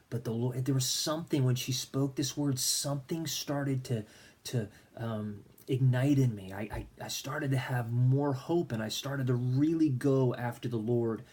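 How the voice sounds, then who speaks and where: A middle-aged minister earnestly shares a personal faith testimony in a vlog, acting out his own prayers. His medium-pitched voice is husky with a darkish tone.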